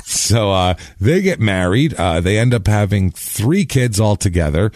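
A man's voice: on the low side, expressive, unhurried, darkish tone. A man hosting a podcast, telling a story in a casual, jokey, rambling way with lots of restarts. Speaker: podcast host.

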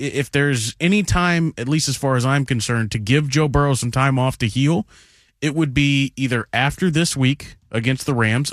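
A man co-hosting sports talk radio, laying out his case in a measured, analytical way and citing statistics. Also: medium pitch, no room sound, clean studio sound. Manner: measured, analytical, cites stats.

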